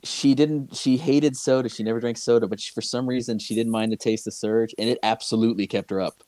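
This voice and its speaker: A man's voice: mid-range voice, fairly even intonation, fairly quick, dark tone, no room sound. A man chatting casually on a podcast, rambling and hesitant with many fillers. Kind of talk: casual chat.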